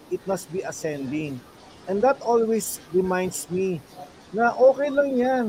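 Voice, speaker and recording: A man's voice: sits high, darkish tone, slight background noise, low-quality recording. A man with a Filipino accent, a guest in an interview, sharing personal lessons earnestly and often checking in with "no?". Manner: earnest, with frequent tag questions. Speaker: guest mentor.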